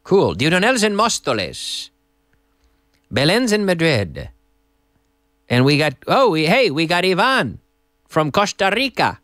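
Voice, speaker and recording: A man hosts an English lesson on a live stream, chatting loosely and reading out viewer messages. His pitch sits a little high and swings up and down a lot. The sound is dry and close, with no room around it. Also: huge pitch swings, a little slow, long pauses, a bit bright, no room sound. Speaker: English teacher and host. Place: TV studio.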